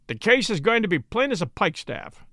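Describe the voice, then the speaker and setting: A man voicing a gruff, self-assured police inspector who talks bluntly and dismissively in an audiobook. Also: high-pitched, big pitch swings, brisk, pushed and bright, no echo, clean studio sound, pitched above the performer's own voice, exaggerated voice.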